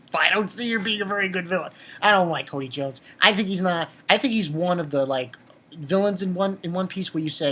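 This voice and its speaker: A woman's voice: lowish voice, brisk, a bit bright, breathy edge. A young woman giving a casual, rambling recap and review of an anime episode, full of restarts and the odd swear.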